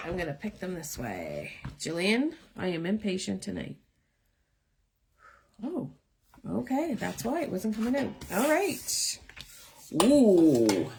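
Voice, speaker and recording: A woman's voice: mid-range voice, a little hiss or hum. A middle-aged woman giving live one-card tarot readings, chatty and encouraging, talking straight to her viewers. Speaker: tarot reader.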